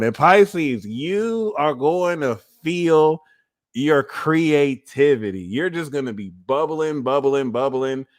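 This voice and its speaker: A man giving a casual astrology reading, blunt and profane, who often acts out quoted voices. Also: medium pitch. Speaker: astrology reader.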